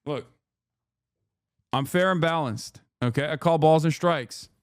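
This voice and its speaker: A man's voice: fairly high pitch, unhurried, gravelly, clear, resonant tone, no echo, studio quality. A man hosting a livestream, ranting in profane, sarcastic commentary. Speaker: streamer host.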